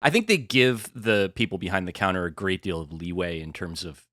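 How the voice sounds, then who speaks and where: A man guest talks over a remote call, his pitch bouncing around as he cracks wry jokes. His voice is bright and forward, and the sound is dry with no room around it. The mood is casual podcast banter. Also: lively intonation, fairly quick, no room sound. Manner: wry, joking asides. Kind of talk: casual chat.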